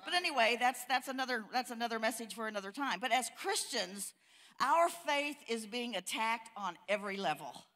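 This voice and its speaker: A woman's voice: fairly high pitch, expressive, normal speed, pushed and bright. An older woman preaching a sermon at a church conference, folksy and storytelling, building to fiery emphasis. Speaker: conference speaker.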